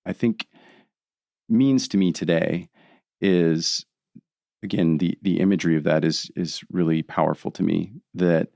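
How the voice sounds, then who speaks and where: A man speaking as a podcast guest, explaining his thoughts in a reflective, unhurried way. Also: deep voice, gravelly, a little mellow, no room sound, studio quality. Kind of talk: casual podcast conversation.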